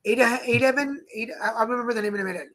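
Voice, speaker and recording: A man's voice: very high voice, racing, bright, forceful tone, poor audio. A man co-hosting a talk show, telling stories in a playful, chatty way with frequent laughs. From Mexico. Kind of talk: casual chat. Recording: live stream with faint background noise.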